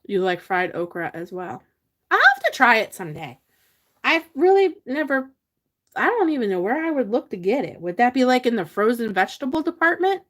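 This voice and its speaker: Chatting with her viewers, a Pennsylvania livestream host reads their comments out loud and laughs a lot in a casual stream. She speaks briskly in a fairly high, sing-song voice with a fairly bright tone.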